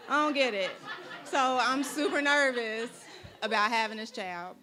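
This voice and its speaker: A woman, telling a personal story on stage and acting out voices with big jumps in pitch. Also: a little slow, crowd noise, background noise. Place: bar stage before a live audience.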